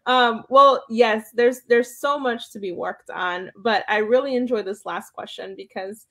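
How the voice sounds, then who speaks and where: Woman, young adult, interview host, slightly high voice, friendly, affirming. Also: a little slow, a bit bright. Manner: friendly, affirming, frequent backchannels. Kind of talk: conversational interview.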